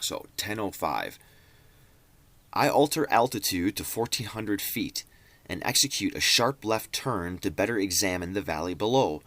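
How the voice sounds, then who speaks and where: Low-voiced man reading dramatically. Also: animated, unhurried, fairly bright tone, no room sound. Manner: theatrical, reads out punctuation aloud. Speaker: reader.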